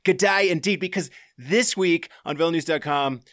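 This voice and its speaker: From his home office, a podcast host chats casually in a loose, rambling style packed with fillers. His voice is fairly high and a bit bright at a moderate pace, recorded in studio quality with no room sound.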